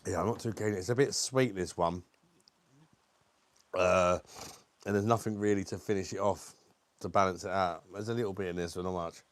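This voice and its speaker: A British man hosts a casual live stream reviewing beer, chatting away, greeting viewers by name, and swearing casually, with a lingering cough. His voice is low-pitched with fairly even intonation, and he talks at a normal speed but pauses often.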